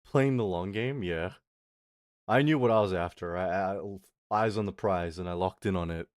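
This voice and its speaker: A male streamer talks in a fairly low voice, trading crude, self-mocking jokes with his chat and laughing often. The sound is dry, with no room echo. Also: normal speed. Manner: chats back to viewers' comments. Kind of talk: casual live-stream chat.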